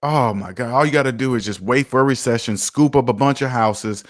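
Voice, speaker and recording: A man hosts a casual personal finance livestream. He talks emphatically and a little preachy, and reads out viewer comments as he goes. His voice sits in an ordinary middle pitch. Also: a little fast. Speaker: finance channel host.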